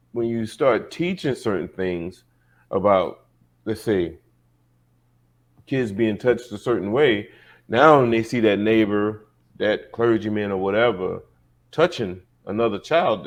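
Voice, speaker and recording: A man co-hosting a casual discussion podcast, laid-back, often agreeing and laughing along. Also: fairly low pitch. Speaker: podcast co-host.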